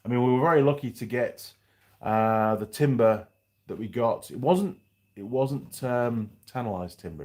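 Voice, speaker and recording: A man talks with a fairly low voice on a casual live stream in his home workshop. He rambles as he answers viewer comments, often restarting a sentence or going off on a side thought. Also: darkish tone. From United Kingdom. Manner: rambling and chatty, with frequent restarts and asides. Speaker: livestream host.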